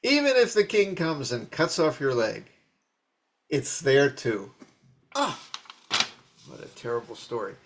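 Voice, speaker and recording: A man giving a dharma talk as a Zen teacher, telling old stories in an animated, rambling way with many restarts. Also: mid-range voice, measured pace, long pauses.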